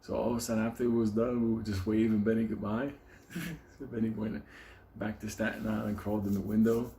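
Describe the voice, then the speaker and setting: Brief: low-voiced man, mellow tone, swearing storyteller who rambles and laughs. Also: little pitch movement, a little fast, a little hiss or hum. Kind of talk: casual anecdote.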